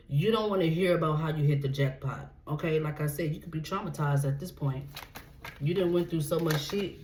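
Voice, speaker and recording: A woman giving a tarot reading, blunt and profane, checking in with "okay?" after nearly every point. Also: low-pitched. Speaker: tarot reader. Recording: echoey room with steady background noise.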